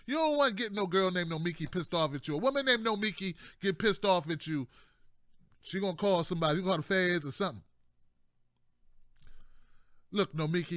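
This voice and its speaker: A man's voice: on the high side, a bit bright, no room sound. A man hosting casual political commentary, loose and conversational, often tacking on "man" and jokey asides. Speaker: political commentator, show host.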